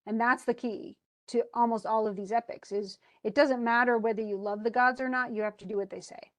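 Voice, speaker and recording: A woman's voice: fairly high pitch, fairly even intonation, a little fast. A woman retelling a classical epic to a class in a casual, chatty lecture full of fillers and restarts. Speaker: teacher.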